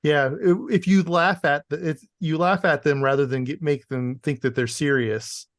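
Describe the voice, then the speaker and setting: A man co-hosting a casual podcast chat, making his point conversationally with quick quoted asides. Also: fairly high pitch, fairly even intonation, dry recording, clean studio sound. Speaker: podcast co-host.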